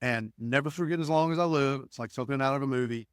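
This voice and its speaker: A man's voice: mid-range voice, quick pace, smooth, no echo, clean studio sound. A middle-aged man, a podcast guest, telling a long story in conversation and acting out the other people's lines in his own voice. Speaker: podcast guest, ticket broker.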